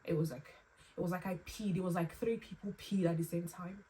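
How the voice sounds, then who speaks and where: A young woman telling her own painful story to camera, halting and close to tears, with pauses and restarts. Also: fairly low pitch, steady tone, dark tone, slight background noise. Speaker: vlogger sharing a personal story. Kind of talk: emotional personal storytelling. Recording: slightly distant mic with faint room ambience.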